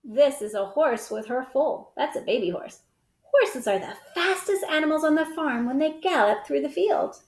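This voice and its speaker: A woman hosting storytime, reading a picture book aloud to children in an animated, coaxing way with gasps and exclamations. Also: high-pitched, moderate pace, roomy sound. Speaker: storytime host.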